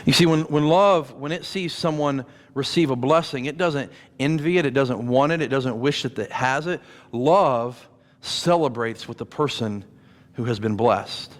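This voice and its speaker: A man's voice: medium pitch, unhurried. A man in his thirties preaching a sermon as pastor, conversational, with repeated rhetorical questions and playful asides. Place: church sanctuary. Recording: long reverb of a church hall.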